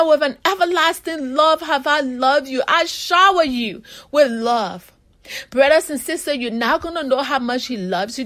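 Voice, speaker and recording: Female preacher, high-pitched, earnest exhortation, slows down for emphasis. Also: a bit bright. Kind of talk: sermon.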